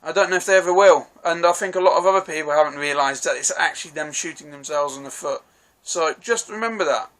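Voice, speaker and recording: Man, film review vlog, rambling and sweary, bright tone, slightly high voice. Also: fast, few pauses. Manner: rambling, swears a lot, restarts often.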